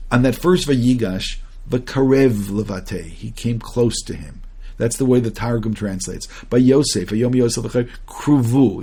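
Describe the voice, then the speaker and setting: Gravelly, husky rabbi teaching Torah. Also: male voice, medium pitch, a little mellow. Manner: earnest, questions the audience, frequent restarts; chants Hebrew verses between English explanation. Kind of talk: conversational Torah lecture.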